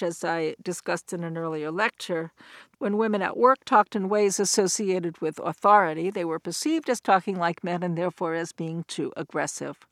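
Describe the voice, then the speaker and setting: A middle-aged woman giving a recorded academic lecture, explaining points step by step in a measured, clear way. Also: lowish voice, a bit bright, dry recording, studio quality. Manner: measured, explanatory, with quoted examples.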